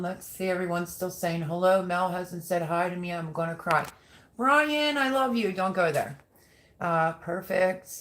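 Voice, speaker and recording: This is a cheerful woman hosting a live stream from home, reading out viewer comments and welcoming everyone as they arrive. Her voice sits a bit low for a woman, and she talks in a loose, chatty way with lots of quick greetings. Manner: chatty and bubbly, greets viewers by name, laughs often. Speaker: livestream host.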